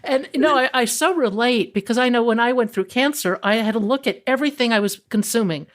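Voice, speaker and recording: A woman's voice: fairly high pitch, fast talker. A woman hosting a podcast, responding to her guest by relating her own experience. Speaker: podcast host. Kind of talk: interview chat.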